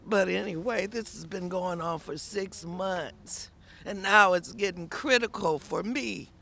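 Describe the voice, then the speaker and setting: Distressed tenant woman speaking slowly, bright tense voice, breaking into shouts. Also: on the low side, vocal fry. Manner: emotional, exasperated, bursts of shouting. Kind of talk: emotional personal testimony.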